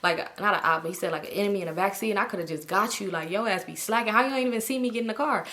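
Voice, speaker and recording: A woman's voice: medium pitch, very fast, a bit bright, close to an everyday voice. A woman voicing a young male friend who teases and scolds from the back seat. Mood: teasing. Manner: scolding, teasing. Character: teasing young man friend in a backseat.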